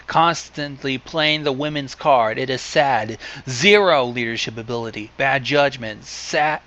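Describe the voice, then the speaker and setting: A man reading a long list aloud in a plain deadpan way, adding dry asides now and then. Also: medium pitch, dull audio. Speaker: reader.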